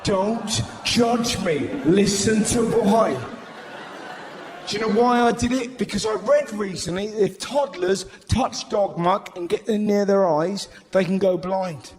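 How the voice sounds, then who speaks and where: A man doing stand-up comedy, brash and swearing, with shouted put-on voices. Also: high voice, a little slow. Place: large live venue. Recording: roomy live recording with audience noise.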